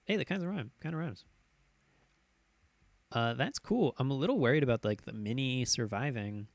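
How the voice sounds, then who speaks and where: A man's voice: mid-range voice, expressive, normal speed, long pauses, no room sound. A man hosting a casual live stream from a home setup, talking in an easygoing, rambling way with lots of fillers and restarts as he reacts to viewers' posts. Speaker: streamer host.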